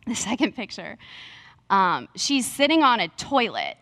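Young woman preacher with a fairly high voice; earnest, animated testimony. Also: measured pace, no echo. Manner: earnest, animated storyteller acting out her own quotes. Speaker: speaker sharing testimony. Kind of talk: sermon-style storytelling.

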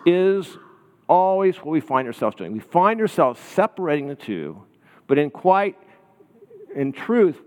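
Man preaching a sermon in a reverberant hall. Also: medium pitch. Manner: conversational, storytelling, checks in with listeners. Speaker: pastor.

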